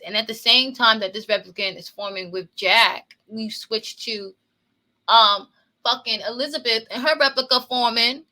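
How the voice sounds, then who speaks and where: A woman's voice: fairly high pitch, normal speed, bright, forceful tone. Profane casual woman recapping a film. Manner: profane, repetitive, opinionated retelling. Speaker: movie commentator. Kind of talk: casual movie reaction commentary.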